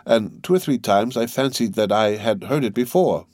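A man's voice: fairly low pitch, moderate pace, darkish tone, no echo, studio quality, pitched above the performer's own voice, close to an everyday voice. A man reading the part of an emotional young woman in an audiobook, eager and pleading.

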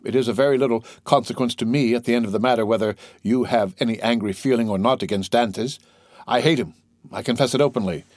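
A man's voice: mid-range voice, fast, a little mellow, no room sound, studio quality, close to an everyday voice. A man voicing a jealous, hot-headed young male fisherman who speaks with impatient intensity, in a storybook reading. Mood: vehement.

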